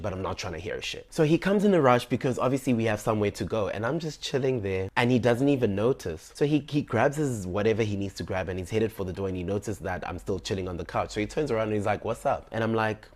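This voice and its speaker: Young adult male, lower register, dramatic personal storyteller. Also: brisk. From South Africa. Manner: animated and dramatic, acting out his own dialogue.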